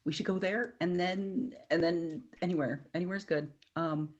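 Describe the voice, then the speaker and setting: A woman playing a character in a tabletop game, soft-spoken and hesitant. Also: fairly low pitch, fairly even intonation, moderate pace, muffled recording. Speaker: player.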